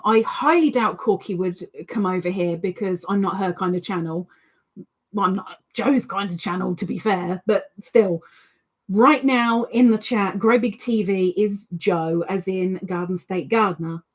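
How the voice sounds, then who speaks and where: A woman's voice: mid-range voice, darkish tone. A woman hosting a casual live stream, reading chat messages aloud in a chatty, teasing way. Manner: chatty, teasing, playful sing-song asides. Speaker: livestream host reading chat.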